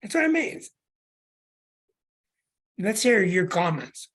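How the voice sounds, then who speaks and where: A male astrologer host reads a caller's chart with a husky, slightly rough voice. His pitch swings widely as he hammers home his points. He is plain-spoken and repeats himself for emphasis. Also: big pitch swings, slow pace, a bit bright. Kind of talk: call-in astrology chart reading.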